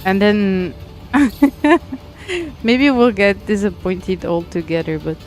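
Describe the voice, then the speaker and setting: A French woman with a French accent speaks slowly in a mid-range, darkish voice, with faint music in the background. During her game stream she chats casually with viewers, giggling and talking freely as she greets people by name.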